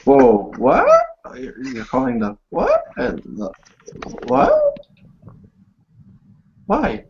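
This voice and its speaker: A player voicing a scheming creature villain who dodges questions in a gravelly, breathy voice, on a muffled lo-fi recording. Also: wildly swooping pitch, extremely slow, very noisy, exaggerated voice. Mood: alarmed. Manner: evasive, swooping pitch jumps.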